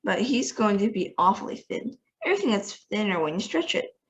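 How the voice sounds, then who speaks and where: A woman's voice: medium pitch, sing-song, a little fast, dull audio. A woman doing a breezy, eccentric chocolate maker. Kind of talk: storybook reading aloud.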